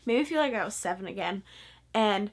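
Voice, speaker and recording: A woman's voice: medium pitch, animated, fairly quick. A teenage girl chatting in a casual, gushing way about books she read, with lots of "like" fillers. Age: teen. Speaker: book vlogger. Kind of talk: casual book review vlog.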